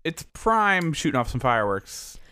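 Male podcast co-host, wry quips, smooth mid-range voice, dry close mic. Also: a little high, very animated, normal speed, bright, forceful tone, no room sound. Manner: wry interjections, laughs easily. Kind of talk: casual podcast chat.

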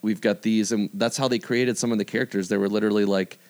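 A man's voice: on the low side, steady tone, fast, darkish tone. A man in his twenties in casual, rambling chat, swearing freely and trailing off mid-thought. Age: 20s.

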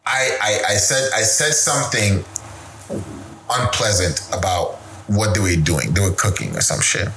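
A man co-hosting a podcast, telling stories in a loose, animated way and swearing freely. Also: on the low side, normal speed. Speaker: podcast co-host. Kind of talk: casual chat. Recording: echoey room with faint noise.

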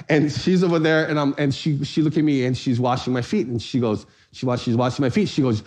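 A man's voice: medium pitch, fairly quick, few pauses. A man preaching a sermon, telling a comic story and acting out voices. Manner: animated storyteller, acts out voices, shouts for comic effect. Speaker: pastor.

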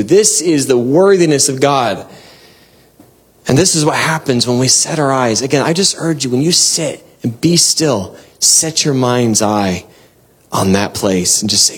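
A man preaching a devotional sermon and reading scripture, earnest and exhorting, with bursts of excitement and soft laughs. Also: fairly high pitch, normal speed, breathy edge.

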